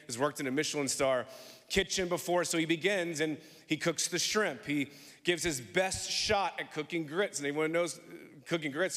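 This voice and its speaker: A man preaching in a church, with a high, bright voice that carries a long reverberation through the hall. He tells stories with humor and calls on the congregation to answer him back. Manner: storytelling with humor, call-and-response with congregation. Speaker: pastor. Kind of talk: sermon. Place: church sanctuary.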